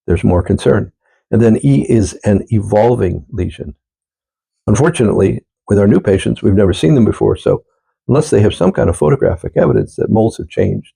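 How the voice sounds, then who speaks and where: Gravelly low-voiced male doctor. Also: poor audio. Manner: calm, measured explanation. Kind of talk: educational talk to camera.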